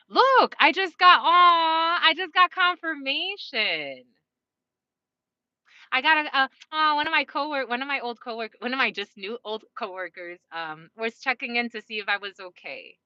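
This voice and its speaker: A woman with a bright, slightly high voice gives a collective tarot reading in a loose, chatty way. She swears freely and breaks into little laughs as she talks to her viewers. The recording is dry and a touch dull. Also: no echo. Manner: casual, profane, frequent laughing asides. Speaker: tarot reader.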